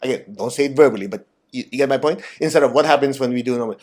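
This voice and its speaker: A man giving a spiritual talk and guided meditation, direct and animated, asking his listeners teasing questions. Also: medium pitch, very fast, hardly any pauses. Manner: animated, acts out quoted voices. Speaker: meditation teacher.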